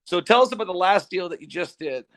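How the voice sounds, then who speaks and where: A man's voice: sits high, animated, fairly bright tone, rough recording. A man co-hosting a casual livestream chat, telling a story in a rambling way with lots of restarts. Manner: rambling, halting with fillers. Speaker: podcast co-host.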